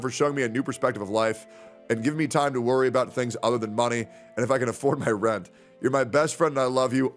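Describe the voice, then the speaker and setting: Young male streamer, a touch high-pitched, loose and profane, faint music underneath. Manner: animated, swearing, jumps into impressions. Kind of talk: casual chat.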